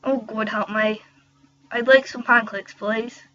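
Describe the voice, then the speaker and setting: A woman's voice: on the high side, fairly even intonation, a little slow, pushed and bright, highs cut off. A young woman voicing a cheerful young Irish man in a clumsy, exaggerated put-on Irish accent.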